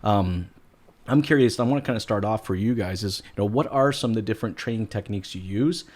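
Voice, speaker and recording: A man's voice: on the low side, fast talker. A man hosting a podcast interview, upbeat and jokey, chatting casually with his guests. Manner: upbeat, jokey, loud greetings. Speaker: podcast host.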